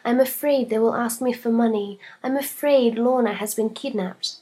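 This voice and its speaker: Woman reader playing a high, huskily breathy, gushing plump lady in an audio storybook. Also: moderate pace, dark tone. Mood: fussy. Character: fussy, dramatic plump lady, snake owner.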